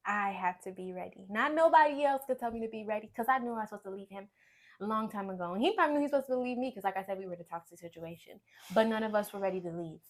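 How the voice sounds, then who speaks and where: A young woman giving a personal testimony in conversation, earnest and storytelling, often dropping to a quiet voice. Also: rapid-fire. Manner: earnest, storytelling, drops to quiet low voice when recounting. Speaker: guest sharing testimony.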